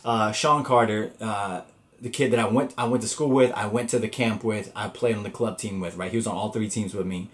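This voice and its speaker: A man's voice: lowish voice, steady tone, a little fast. A young man hosting a podcast, telling a rambling, profane story in casual chat. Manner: rambling, profane, laid-back. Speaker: podcast host.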